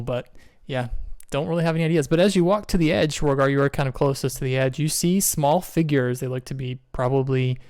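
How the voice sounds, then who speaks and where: A man running a tabletop game as game master, describing scenes in a relaxed way with fillers. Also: mid-range voice, clean tone, no room sound, studio quality.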